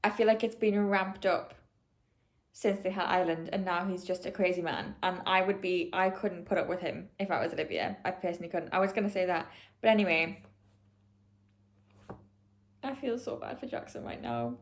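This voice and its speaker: Talking to her camera about the books she's reading, a young woman gushes emotionally and says "like" constantly in this casual reading vlog. Her voice is on the low side at a moderate pace, picked up by the camera mic with a roomy echo.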